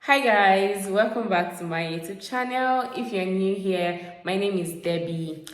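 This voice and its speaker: A young woman from Nigeria tells a story to her vlog audience in a loose, chatty way, with lots of fillers. Her voice sits fairly low. The room around her is echoey. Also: normal speed, loud music behind the voice, over a noisy crowd. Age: young adult. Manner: chatty, animated, repeats fillers like "like" and "guys". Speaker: vlogger.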